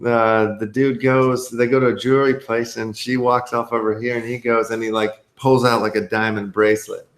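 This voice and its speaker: A man's voice: medium pitch, little pitch movement, normal speed, hardly any pauses, reverberant. A man co-hosting a casual podcast, giving a rambling, profane recap of a movie. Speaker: podcast co-host.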